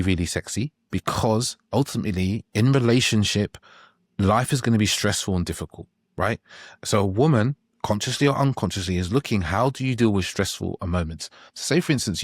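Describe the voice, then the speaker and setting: A man's voice: sits low, no echo, studio quality. A middle-aged man talking through relationship advice in a conversational podcast monologue, often checking in with "right?". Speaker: relationship coach.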